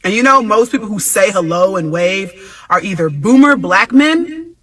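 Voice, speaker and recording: An American woman tells a story to camera as a social media influencer, dramatic and acting out the other voices in it. Her voice is bright and forceful, with a husky edge. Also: mid-range voice, lively intonation, moderate pace. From United States.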